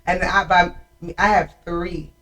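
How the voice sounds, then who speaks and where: A woman in her forties hosting a casual chat, telling animated, emotional stories about her family. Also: on the low side, slow pace, recorded from a distance, soft background music, rough recording. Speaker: host.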